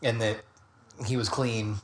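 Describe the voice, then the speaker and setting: A man on a music podcast speaks bluntly and likes to tease. His mid-pitched voice rings in a roomy, echoey space over a faint hiss. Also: little pitch movement, measured pace. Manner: blunt, teasing. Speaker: podcast co-host. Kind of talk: casual podcast chat about music.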